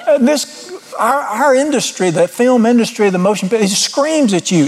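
A man's voice: high-pitched, very animated, measured pace, a little hiss or hum. A middle-aged man preaching an informal sermon, folksy and blunt, with sudden emphatic rises.

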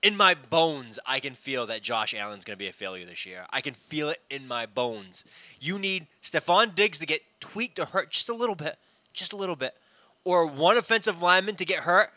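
A man's voice: on the high side, bright, forceful tone, dry recording. A man in his thirties co-hosting a casual sports show, brash and opinionated, swearing freely. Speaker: podcast co-host. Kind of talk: casual sports radio chat.

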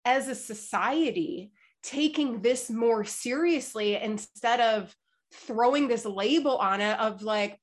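A woman's voice: a little high, a little slow. A woman in casual podcast chat, talking with passion and stressing points emphatically, with the odd swear.

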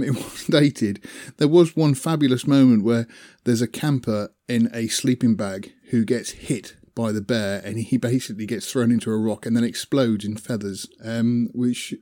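A man's voice: mid-range voice, warm tone. A man chatting casually about films he has watched, rambling with fillers and small laughs. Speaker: film reviewer. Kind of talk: casual film chat.

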